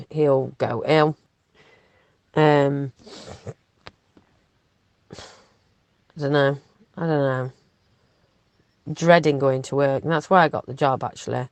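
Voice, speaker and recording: A woman's voice: sits low, fairly even intonation, takes it slowly, pauses often, no room sound. Frustrated woman venting, swearing. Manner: frustrated, swearing, hesitant with many ums. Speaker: woman speaking about her partner in a recorded clip. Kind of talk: venting monologue.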